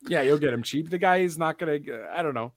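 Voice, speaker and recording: A man's voice: on the high side, fast talker, dry recording, studio quality. A young man hosting a casual wrestling chat show, rambling with lots of fillers in an upbeat way. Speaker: podcast host.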